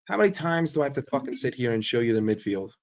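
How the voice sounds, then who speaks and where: A man's voice: medium pitch, big pitch swings, quick pace. Man, football fan streamer, sarcastic, swears a lot, mid-range voice. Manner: profane, sarcastic, argumentative. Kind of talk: casual livestream rant.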